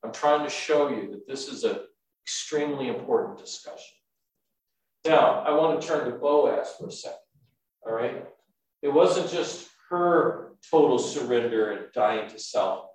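A man's voice: mid-range voice, expressive, a little slow. A man preaching a sermon, building emphasis with repeated phrases and rising bursts. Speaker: pastor. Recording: echoey room, speaker far from mic.

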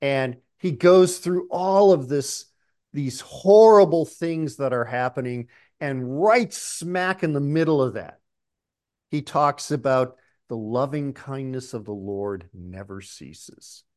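A man preaching a sermon, slow and emphatic, often clearing his throat. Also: mid-range voice, darkish tone.

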